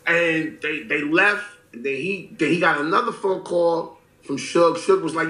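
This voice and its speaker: Guy in his 40s spinning stories in an interview, swears a lot, does everyone's lines, slightly high voice, echoey room. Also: normal speed. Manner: animated storyteller, profane, acts out quotes. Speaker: rapper guest. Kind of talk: casual storytelling interview. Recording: roomy echo.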